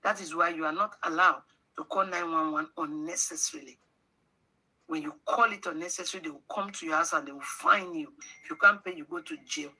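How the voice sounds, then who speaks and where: A woman's voice: fairly low pitch, fairly quick, bright, forceful tone, low-quality recording. A woman with a Nigerian accent hosting a livestream, scolding her audience with rhetorical questions and slipping into pidgin. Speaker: livestream host. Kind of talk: livestream commentary.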